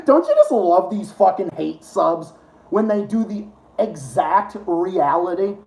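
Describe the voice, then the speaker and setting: A man's voice: high-pitched, lively intonation, takes it slowly, vocal fry, a little mellow. Profane, sarcastic ranting man. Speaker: live-stream host. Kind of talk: ranting live-stream chat. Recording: roomy echo.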